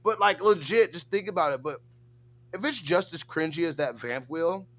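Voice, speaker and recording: Male stream co-host, lively swooping delivery, profane, hyped reactions. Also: fairly high pitch, moderate pace. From United States. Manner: loud, swearing, animated, exaggerated reactions. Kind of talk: casual livestream chat.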